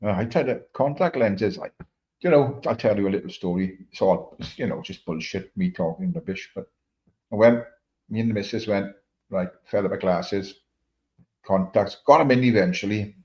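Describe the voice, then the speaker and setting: A man's voice: fairly low pitch, moderate pace, a little mellow. A middle-aged man from Wales with a Welsh accent, chatting casually on a livestream, rambling through stories and swearing a lot. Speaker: livestream host. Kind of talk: casual chat. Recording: dull lo-fi stream audio.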